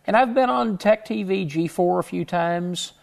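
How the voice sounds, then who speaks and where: A man's voice: sits high, moderate pace, creaky. A middle-aged man from Houston, a guest in an interview, telling his story in a rambling way and often correcting himself mid-sentence. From Houston, Texas. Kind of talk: conversational interview.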